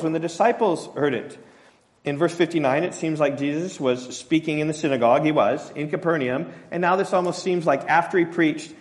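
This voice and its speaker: Pastor preaching in a reverberant hall. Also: male voice, on the high side, a little mellow. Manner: conversational, self-deprecating, acts out quotes. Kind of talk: expository sermon.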